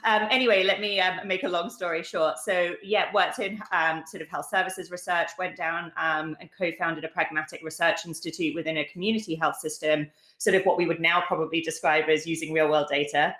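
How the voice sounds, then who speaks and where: British woman, lowish voice, echoey room. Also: fairly even intonation, brisk, few pauses, fairly bright tone. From London, England. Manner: articulate, many fillers. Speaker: guest. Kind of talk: casual interview talk.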